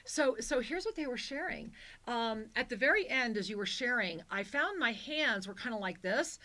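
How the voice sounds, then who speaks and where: A woman hosting a live spiritual call-in show, effusive with endearments and easing into a soft guided-meditation delivery. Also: a little high, animated, moderate pace. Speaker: spiritual talk show host.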